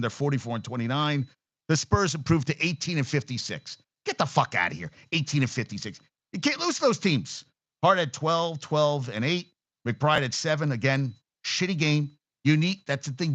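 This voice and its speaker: A man's voice: mid-range voice, a bit bright, no echo. A man hosting a casual sports talk show, ranting bluntly and profanely with an exasperated edge.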